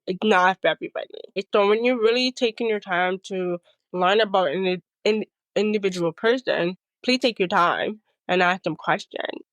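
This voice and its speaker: Guest woman, mid pitch, animated storyteller who acts out quotes and says "like" a lot, close dry mic. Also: dry recording. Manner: says "like" and "you know" often. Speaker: guest, speaker and coach. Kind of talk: casual interview talk.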